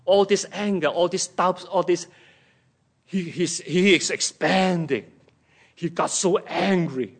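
A man preaching a sermon in an unhurried, emphatic way. His voice sits high for a man. He acts out scripture quotes with dramatic shifts in tone. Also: lively intonation.

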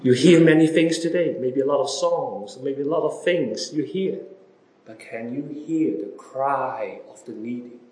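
Slow-speaking preacher man, echoey room. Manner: repeated rhetorical questions to listeners, wide dramatic swings in pitch and loudness. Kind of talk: sermon.

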